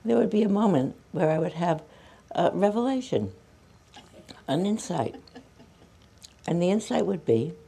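A woman meditation teacher giving a dharma talk, telling a humorous story about herself while calmly cueing stretches. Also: lowish voice, measured pace, gravelly, pauses often, slightly rough. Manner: humorous self-mocking storytelling mixed with calm movement cues.

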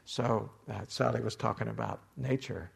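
A man giving a dharma talk as a meditation teacher, unhurried and reflective, acting out inner voices with gentle humor. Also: on the low side, gravelly, husky.

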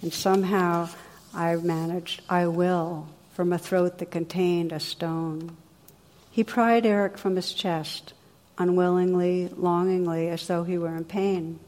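Gentle woman teacher in an echoing hall. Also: on the low side, level tone. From New Jersey, US. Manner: gentle, unhurried storytelling with soft pauses. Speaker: meditation teacher. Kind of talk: dharma talk, storytelling. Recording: long reverb of a hall.

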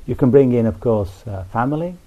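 A man giving an unhurried, folksy meditation talk to a retreat group, full of asides like "you see". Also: medium pitch, lively intonation, phone-quality sound. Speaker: Buddhist meditation teacher. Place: retreat centre.

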